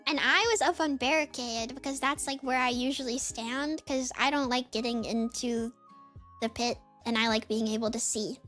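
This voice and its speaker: A young woman streamer telling a story in casual livestream chat, animated, laughing often and saying "like" a lot. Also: on the high side, moderate pace, faint music behind.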